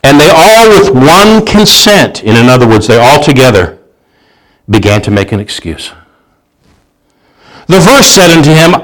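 A man preaching a sermon, reading scripture aloud in a raised, slowed voice and then dropping into low, conversational asides, often repeating himself. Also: lively intonation, low-quality recording. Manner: repeats and restarts words while preaching. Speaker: pastor.

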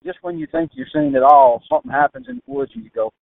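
A man from Louisiana with a Louisiana accent, a guest telling folksy hunting stories in an animated, drawling way. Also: extremely high pitch, fast, creaky, dry recording. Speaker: guest turkey hunter. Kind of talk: folksy storytelling. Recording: tinny phone-like sound.

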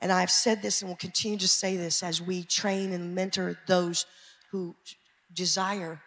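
A woman pastor with an American country accent, preaching a fervent sermon that swings from shouting to quiet asides. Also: on the low side, flat delivery, unhurried. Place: church sanctuary. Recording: echoey church hall.

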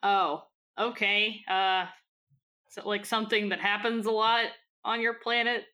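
A woman in a tabletop game session. Her voice is bright and forceful. She jumps in with eager, feisty questions. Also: medium pitch, little pitch movement, unhurried. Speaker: player. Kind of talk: tabletop role-play chat.

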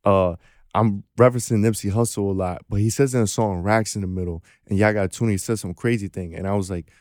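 A man's voice: lowish voice, steady tone, quick pace, a little mellow, no room sound, clean studio sound. A man hosting a casual podcast conversation, talking in a laid-back, sympathetic, slangy way.

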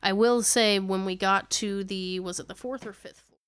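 A young woman co-hosting a paranormal podcast, her smooth voice recorded close and dry. She rambles through the story, backtracks to fix details, and laughs easily. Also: mid-range voice, fairly even intonation, moderate pace, no echo. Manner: rambling, self-correcting, laughs often. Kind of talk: casual storytelling chat.

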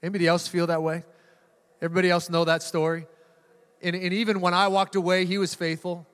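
A man's voice: high-pitched, little pitch movement, fast talker, a bit bright, clean tone. Chatty male pastor in a reverberant hall. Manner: conversational, jokey, repeats words. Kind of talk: sermon. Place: church hall with live audience.

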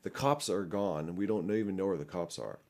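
A man's voice: low-pitched, fast, a little mellow. A young man telling a story casually and animatedly, full of fillers, restarts and swearing. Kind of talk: casual anecdote.

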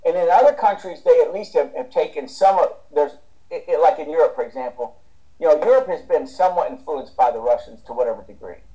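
A man's voice: a little high, fast talker, dark tone, poor audio. A man from the United States, a strength coach talking as a guest in a casual interview, rambling with many restarts and fillers.

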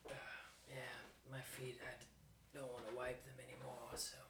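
Give me a hesitant, gravelly man player heard from a distance in an echoey room. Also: medium pitch, completely flat delivery, fairly bright tone. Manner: halting, many fillers. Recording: distant mic, room echo, noise.

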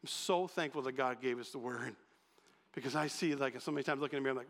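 A man preaching a sermon, animated and acting out quotes in changing voices. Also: medium pitch, fast, gravelly. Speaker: pastor. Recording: long reverb of a large hall.

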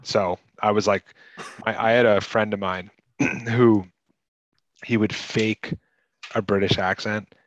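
An American man co-hosting a casual film discussion, chatty, often restarting and clearing his throat. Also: lowish voice, level tone, slow pace, long pauses, lo-fi sound, a little hiss or hum. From United States. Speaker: podcast co-host.

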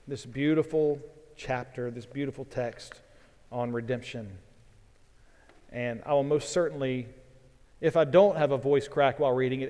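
A man's voice: medium pitch, darkish tone. A man preaching a sermon as pastor, earnest and building in force as he reads scripture aloud. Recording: long reverb from a large hall.

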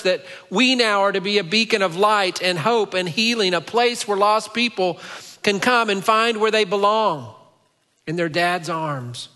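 A man preaching a sermon to his church, telling a story with pauses and hushed moments. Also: high-pitched. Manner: storytelling, dropping to hushed tones at emotional moments. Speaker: pastor. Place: church sanctuary. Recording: church hall with long reverb.

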